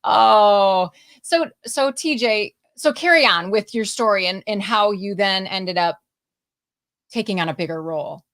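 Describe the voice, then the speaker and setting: A woman hosting a podcast interview in a lively, chatty way. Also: medium pitch, normal speed. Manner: laughs easily, lively and chatty. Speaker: podcast host. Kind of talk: casual interview chat.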